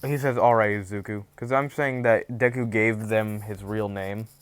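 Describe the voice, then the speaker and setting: A man's voice: on the low side, a little slow, clear, resonant tone, no echo. A young man rambling through a casual retelling of a story, with lots of fillers and asides. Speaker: channel host.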